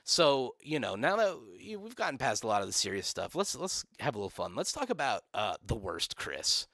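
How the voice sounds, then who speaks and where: A young man rants on a live stream, sarcastic and profane, breaking into laughs. His pitch swings widely from low mutters to high outbursts. The sound is dry and close, with no room around it. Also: very animated, moderate pace, bright, forceful tone, no echo. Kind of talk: casual live-stream rant.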